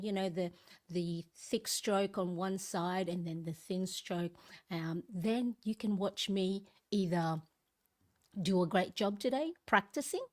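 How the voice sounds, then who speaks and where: A woman hosting a casual planner live stream, chatty and laughing often, greeting viewers one by one, her voice a bit croaky in the morning. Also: medium pitch, a little mellow.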